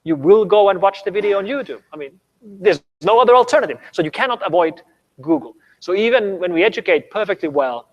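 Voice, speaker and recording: A man's voice: high voice, animated, fairly quick, muffled recording. A man with a Finnish accent answering audience questions at a university public lecture, emphatic, repetitive and sarcastic. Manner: sarcastic, emphatic, repeats points. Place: lecture hall. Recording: long reverb of a lecture hall.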